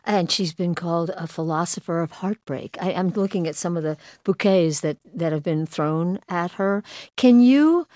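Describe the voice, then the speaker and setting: A woman radio host interviews her guest in a dry, close studio sound. Her voice sits fairly low for a woman. She asks curious questions and laughs lightly between them. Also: moderate pace, a little mellow, dry recording. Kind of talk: broadcast interview.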